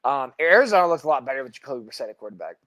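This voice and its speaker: A woman co-hosting a casual sports podcast, talking quickly with stumbles and repeated words. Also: a bass voice, big pitch swings, a bit bright. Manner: rapid list-reading with stumbles and repeats. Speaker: podcast co-host.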